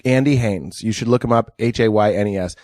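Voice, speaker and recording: A man guesting on a comedy podcast in a studio, chatting casually, playful and excitable. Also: lowish voice, dry recording. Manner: playful, excitable, quick to laugh.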